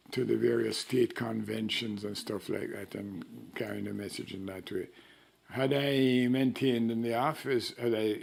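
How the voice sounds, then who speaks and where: During an oral history interview, an older Jamaican-accented man tells stories with wry, blunt frankness. His voice is mid-range and creaky.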